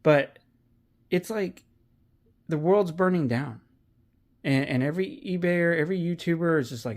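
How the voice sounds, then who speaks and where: A man's voice: fairly high pitch, animated, moderate pace, long pauses. A man talking casually as an online reseller, candid and profane, rambling with frequent restarts. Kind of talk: casual vlog commentary.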